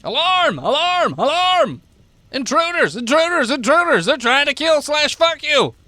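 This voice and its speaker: A shrieking panicked alarm-raiser. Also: male voice, extremely high pitch, very animated, a little slow, no room sound, voice pushed up, full character voice. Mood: frantic. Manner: frantic repeated shouting.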